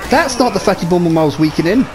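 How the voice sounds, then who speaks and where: A man playing a co-op game, excitable and swearing often. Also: high voice, quick pace, background noise. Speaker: gamer playing co-op. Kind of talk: casual gaming chat.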